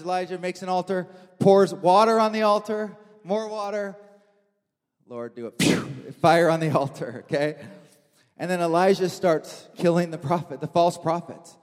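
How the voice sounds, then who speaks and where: A man preaching a sermon in a church hall, telling the story with animation and acting out the quotes. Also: high-pitched.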